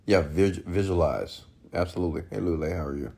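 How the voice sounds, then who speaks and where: A man's voice: sits low, fairly quick, gravelly, mellow, slightly rough. A man hosting a late-night live stream, ranting bluntly and profanely at viewers, then answering their questions. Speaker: entrepreneur mentor host.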